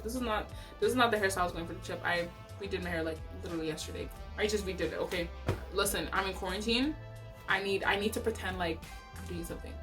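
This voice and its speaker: A young Canadian woman vlogger, with a mid-range voice, tells her audience a story in an animated, profane way, repeating lines for emphasis. She's recorded on a camera mic in a rented Airbnb bedroom.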